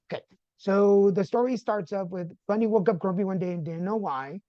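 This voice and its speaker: A man from Texas, a podcast guest, telling a personal story in a relaxed conversational way and acting out the voices of people he quotes. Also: sits high, a little fast, no echo, dull audio. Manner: animated, acts out quoted dialogue.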